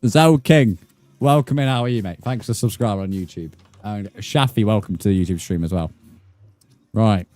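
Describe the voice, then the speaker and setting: A man with a British accent, giving profane, excitable live commentary while streaming a game. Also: on the low side, normal speed, no echo. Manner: profane, excitable, mock-outraged. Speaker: gaming streamer.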